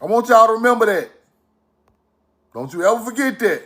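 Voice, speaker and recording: A man's voice: sits high, expressive, a little fast, pushed and bright. A man with talking casually to his viewers, emphatic and repetitive, often checking "right?" with them. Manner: emphatic, repetitive, asks viewers rhetorical questions. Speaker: online history commentator. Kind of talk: casual video commentary to viewers.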